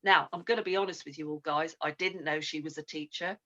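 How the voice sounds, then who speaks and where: A woman giving a coaching talk, who acts out both sides of conversations in an animated way. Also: low voice, fairly quick. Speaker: sales coach. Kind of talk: coaching talk with a retold phone call. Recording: muffled lo-fi recording.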